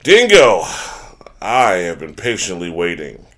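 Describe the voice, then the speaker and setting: A man hosting a casual podcast chat, loud and jokey, cursing often. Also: deep voice, huge pitch swings, unhurried. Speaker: podcast host.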